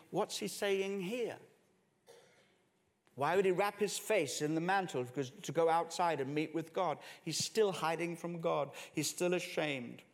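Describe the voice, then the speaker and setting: A man preaching a sermon, swinging between hushed low passages and raised emphatic ones. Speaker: pastor. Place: church hall with congregation and musicians. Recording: long reverb of a church hall.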